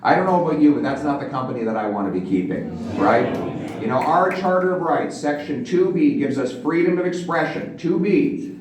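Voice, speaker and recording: A man giving a campaign speech, rhetorical and emphatic, softening into quiet storytelling. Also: on the high side, lively intonation, brisk, a crowd in the background. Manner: rhetorical, builds to emphatic points then drops to a quiet storytelling tone. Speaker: politician giving a stump speech. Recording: echoey room, distant mic.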